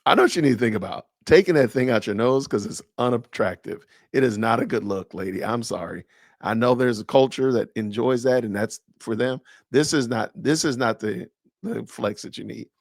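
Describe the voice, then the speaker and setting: A man's voice: medium pitch, normal speed, creaky, dry recording, studio quality. A man hosting a podcast, reacting to a clip with incredulous, sarcastic rhetorical questions. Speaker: podcast host. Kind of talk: reaction commentary.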